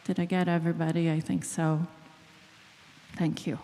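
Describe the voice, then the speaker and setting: An Israeli woman, a clinical psychologist, giving a deliberate speech to an audience. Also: fairly low pitch, level tone, dark tone. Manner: slow, deliberate, emotional at moments. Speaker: clinical psychologist, event organizer. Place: large hall. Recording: long reverb of a large hall.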